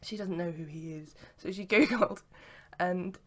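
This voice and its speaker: A woman's voice: lowish voice, unhurried, a bit bright. A young woman telling a long story to camera in a casual vlog, rambling with lots of "sort of" and "like". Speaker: vlogger. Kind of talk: casual chat.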